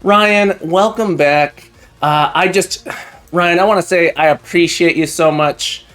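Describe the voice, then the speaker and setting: With an unhurried pace and a fairly bright voice on the high side, a male streamer thanks each person in his chat warmly and effusively. He grows a little emotional, rambling and starting over, while faint music plays behind him.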